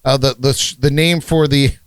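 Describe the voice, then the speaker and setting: A man's voice: medium pitch, steady tone, moderate pace, smooth, dry recording. Male podcast host, casual chat, rambling, laughs a lot, dry close mic. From United States. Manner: rambling, laughs often, many fillers.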